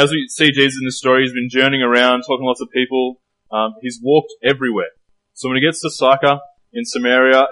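A man's voice: medium pitch, fairly bright tone, poor audio. A man delivers a sermon in an easygoing, conversational manner. He often poses rhetorical questions to his listeners, and his voice sits in an ordinary middle register for a man. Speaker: preacher.

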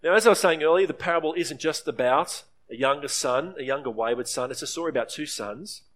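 A man's voice: quick pace, a bit bright. A man preaching a sermon, earnest, briefly acting out the voices in the story. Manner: earnest preaching, acts out quoted voices with rising pitch. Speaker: pastor.

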